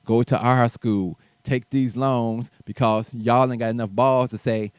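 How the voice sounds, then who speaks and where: A man's voice: medium pitch, steady tone, measured pace, few pauses, clear, resonant tone, no room sound. A man hosting his own show, ranting bluntly and profanely in a heated commentary monologue with mocking asides. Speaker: show host.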